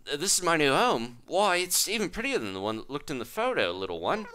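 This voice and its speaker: A man voicing a polite, fancy female kangaroo in a game, attempting an Australian accent over soft game music. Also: fairly high pitch, sing-song, very fast, voice pushed up. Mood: delighted.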